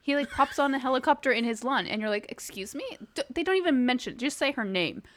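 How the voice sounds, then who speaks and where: A woman co-hosting a casual podcast chat, excitedly gushing and laughing, swearing now and then. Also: high voice, quick pace, a little hiss or hum. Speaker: podcast co-host.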